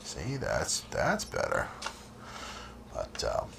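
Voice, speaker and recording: Rumbling low and gravelly yet fairly bright in tone, this male cooking-show host talks slowly, his pitch swooping wildly. He rambles easily and laughs a lot in casual chat over cooking footage, recorded in a noisy community TV studio.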